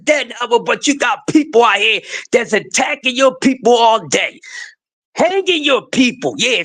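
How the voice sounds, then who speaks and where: Fired-up man ranting on a livestream. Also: very high voice. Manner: emphatic, preachy, swings between shouting and quiet. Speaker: livestream host. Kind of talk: impassioned livestream rant.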